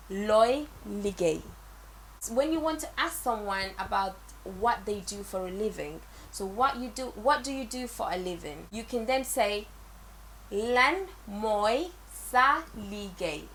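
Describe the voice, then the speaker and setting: A woman's voice: fairly high pitch, slight background noise, rough recording. A woman teaching a language lesson, patiently repeating words syllable by syllable.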